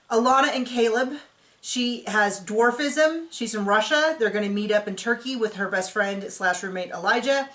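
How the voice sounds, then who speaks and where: A woman hosts a laid-back recap at home. She talks in a chatty, rambling way, restarting her sentences as she goes, at an ordinary middle pitch. Her voice carries a roomy echo. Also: fairly bright tone. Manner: chatty, rambling, self-correcting. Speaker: host recapping a reality show. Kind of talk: casual chat. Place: home room.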